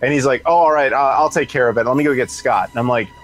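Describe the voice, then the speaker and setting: Male podcast co-host, quick storyteller, average pitch, chatty. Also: faint music behind. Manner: animated, acts out others' voices. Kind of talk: casual storytelling chat.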